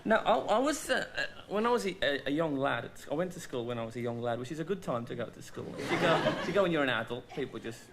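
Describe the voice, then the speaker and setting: A man with a Black Country accent trades deadpan jokes as a talk-show guest, his voice sitting a little higher than usual for a man. Heavy noise runs underneath him in the studio. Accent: Black Country English. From West Midlands of England. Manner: deadpan storytelling with quick punchlines. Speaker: guest comedian. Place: television studio with audience.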